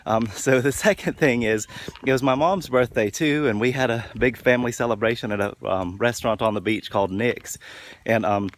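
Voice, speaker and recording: A man's voice: mid-range voice, normal speed. A man telling a story casually to the camera, with many fillers and restarts. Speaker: vlogger.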